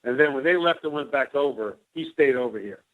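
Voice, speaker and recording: A middle-aged man, a former White House officer, tells rambling stories in a casual interview and acts out both sides of each exchange. His voice sits at an ordinary pitch. It comes through a narrow, tinny phone line. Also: lively intonation, brisk. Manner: rambling anecdotes, acting out both sides of dialogue.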